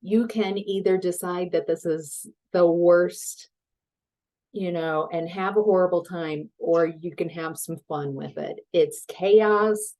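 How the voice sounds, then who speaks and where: Mellow, slow-talking woman tarot reader. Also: fairly low pitch, steady tone, rough recording. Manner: chatty storytelling, laughing easily. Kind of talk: casual tarot reading.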